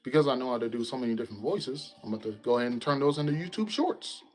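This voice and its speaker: A man hosting a casual chat, relaxed and rambling, often breaking into laughter. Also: medium pitch, racing, rough recording. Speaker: host.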